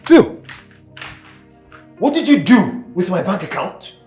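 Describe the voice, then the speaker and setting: Desperate Nigerian husband. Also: male voice, high voice, big pitch swings, moderate pace, a little mellow. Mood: outraged. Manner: pleading, stammering. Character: broke, desperate young husband in debt. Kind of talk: film drama acting. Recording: echoey room with music.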